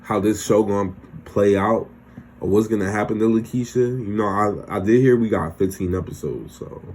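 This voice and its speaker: A man's voice: on the low side, moderate pace, darkish tone, slight background noise. A young man recapping a TV episode in loose, slangy, profane casual chat. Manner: loose, slangy and profane, acts out characters' lines. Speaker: TV recap vlogger.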